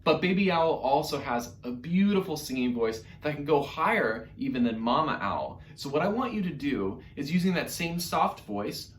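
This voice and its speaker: A man teaching an online music lesson to young children, upbeat and encouraging, sometimes demonstrating hoots and squeaky voices. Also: big pitch swings, normal speed, hardly any pauses, reverberant, a little hiss or hum.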